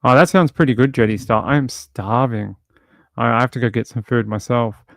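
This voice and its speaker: A man's voice: medium pitch, normal speed, creaky, a bit bright, dry recording, clean studio sound. A male livestream host in casual late-night chat, reading viewer comments aloud and rambling with jokey asides. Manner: chatty and rambling, many fillers and restarts.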